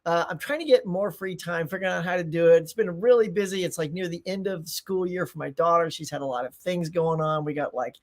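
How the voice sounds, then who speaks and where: A man's voice: fairly high pitch, fast talker, few pauses. A middle-aged man hosting a live stream in casual chat, rambling, reading viewer comments aloud and tossing in playful asides. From United States.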